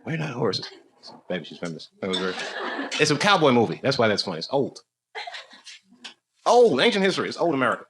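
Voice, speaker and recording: A man's voice: mid-range voice, sing-song, quick pace, pauses often, a bit bright, a little hiss or hum. A man, a stand-up comedian, chatting casually and laughing with fans after a show. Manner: laughing, loose and joking. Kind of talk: casual banter with audience.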